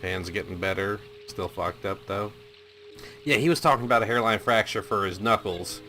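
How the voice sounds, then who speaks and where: Bright-voiced, low-pitched rambling male host. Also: moderate pace, faint music behind. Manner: rambling, swears freely, self-deprecating. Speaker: reaction video host. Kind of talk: casual commentary to camera.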